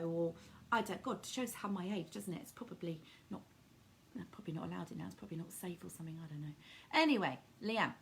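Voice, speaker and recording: A woman's voice: mid-range voice, brisk, fairly bright tone, slight background noise. A middle-aged woman doing a live card reading, affectionately calling viewers darling and sweetie.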